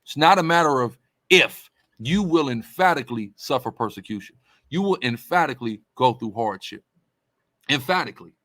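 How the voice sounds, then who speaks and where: A man's voice: mid-range voice, expressive, moderate pace, pushed and bright, no echo. Emphatic man preaching in a dry close voice. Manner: emphatic, repetitive, conversational. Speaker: religious teacher. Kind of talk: preaching-style commentary.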